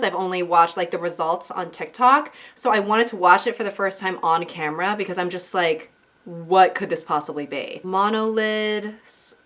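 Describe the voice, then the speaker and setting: A woman's voice: mid-range voice, a bit bright. A woman in her twenties giving casual, sarcastic commentary to camera as a YouTuber. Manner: sarcastic, chatty.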